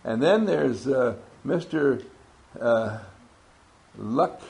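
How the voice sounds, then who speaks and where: Brief: gravelly-voiced man at mid pitch, a playful workshop leader doing roll call. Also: animated, a little mellow. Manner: playful and teasing, drawn-out names. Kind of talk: classroom talk to a group.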